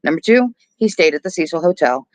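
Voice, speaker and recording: A woman co-hosts a casual podcast, chatting loosely, laughing often, swearing freely, and poking fun at herself. Her fairly low-pitched voice is expressive and a little fast, and the recording has no echo.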